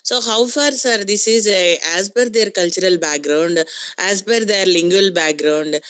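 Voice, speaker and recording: A woman teacher asking a symposium speaker a question, hesitant and halting, saying "sir" again and again. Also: mid-range voice, clear, resonant tone.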